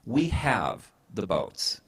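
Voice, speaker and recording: A man's voice: lowish voice, wildly swooping pitch, very slow, fairly bright tone, husky. A man giving a motivational talk, telling a story in an earnest way and often restarting his phrases. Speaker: speaker.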